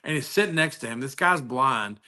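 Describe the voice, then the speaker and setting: Animated and slightly quick, his mid-range voice carries a sharp edge. The man is telling stories in an easygoing video call, full of enthusiasm and constant restarts.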